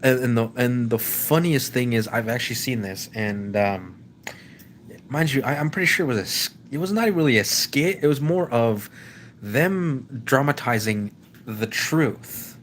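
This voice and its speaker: A man hosting a live stream, talking off the cuff in a rambling way, with frequent restarts, and repeatedly calling out to his viewers as ladies and gentlemen. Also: mid-range voice, animated, measured pace, a little hiss or hum. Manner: rambling, with many restarts and stumbles; keeps addressing the audience as "ladies and gentlemen". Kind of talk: casual opinion monologue.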